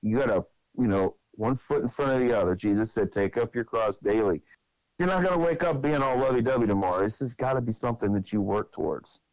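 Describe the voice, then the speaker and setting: A man with a low voice speaks on a faith podcast in a plain, wry way and quotes scripture as he goes. His sound is dry and a bit dull. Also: quick pace, dry recording. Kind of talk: casual faith podcast chat.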